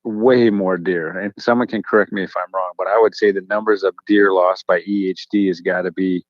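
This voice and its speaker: A man's voice: sits low, steady tone, a little fast, no room sound, highs cut off. A man who is a guest on an outdoors radio show, musing in a hesitant, joking way. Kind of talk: casual talk radio chat.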